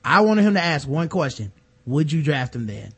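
Animated, profane man talking sports. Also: on the high side, normal speed, slightly rough. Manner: animated, profane, mocking impressions. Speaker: podcast co-host. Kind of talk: casual sports talk.

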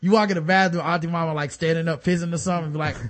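Casual chat from a man co-host with a high-pitched voice. He talks in animated bursts, full of fillers, and slips into impressions as he tells stories. He sounds loose and excited. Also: racing. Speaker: podcast co-host.

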